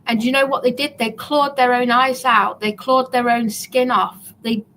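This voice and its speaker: Woman, stream host, high bright voice, insistent, casual chat. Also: fairly even intonation, normal speed, a little hiss or hum, poor audio. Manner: insistent, talks over others to make her point.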